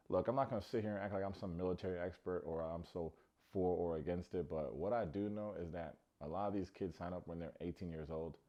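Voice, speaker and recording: On a muffled recording, a man with a low pitch gives a casual, humorous recap of a reality dating show. Full of animation, he frequently parrots the cast members' lines.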